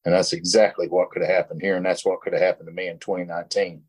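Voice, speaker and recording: A middle-aged man with a somewhat low voice leads a recovery study group. He reads passages aloud and then tells his own story, plainspoken and earnest. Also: little pitch movement, quick pace, darkish tone, breathy edge. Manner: earnest, plainspoken, with short laughs. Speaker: workshop leader. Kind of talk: reading aloud and sharing recovery experience.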